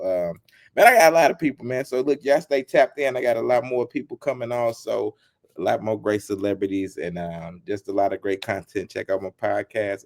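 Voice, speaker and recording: A man's voice: on the low side, creaky. A man hosting his channel, retelling a story with teasing jokes, repeating lines and acting out quotes. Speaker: channel host. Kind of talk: animated storytelling commentary.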